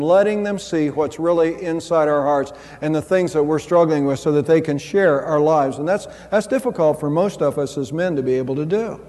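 A high-pitched male pastor delivers an earnest sermon to his congregation. His voice rings through a church sanctuary with a long, lingering reverb. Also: darkish tone. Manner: earnest preaching with frequent restarts.

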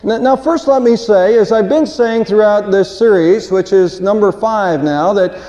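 A man's voice: high-pitched, measured pace, dark tone. A man preaching a Sunday sermon, earnest and plain-spoken, stumbling over a word now and then and telling a folksy joke. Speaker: pastor. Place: church sanctuary. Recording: dull lo-fi church recording with long reverb.

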